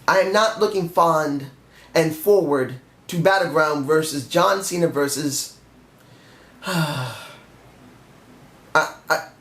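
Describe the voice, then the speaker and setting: A man's voice: on the high side, measured pace, fairly bright tone. A man reviewing a wrestling show on his own, ranting in frustration and stopping to correct his own slips. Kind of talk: solo review rant. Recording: echoey room.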